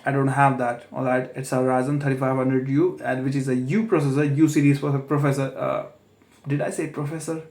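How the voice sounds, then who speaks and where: A man's voice: mid-range voice, level tone, brisk, darkish tone. A young man, rambling alone in a home vlog, hesitant with many fillers and self-corrections. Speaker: vlogger. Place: room at home at night. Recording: echoey room.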